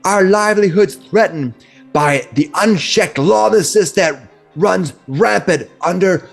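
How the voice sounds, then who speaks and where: A man voicing a scheming noblewoman who stirs up a crowd with booming, amplified speeches in a tabletop game. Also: unhurried, gravelly, faint music behind, heavily acted. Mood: rabble-rousing. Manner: booming, magically amplified oratory.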